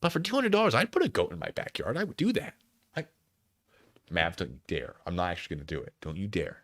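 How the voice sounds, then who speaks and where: A man's voice: low-pitched, sing-song, fast, a bit bright. A man casually commenting on a video during a live stream, cracking jokes and laughing. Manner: joking asides and laughs.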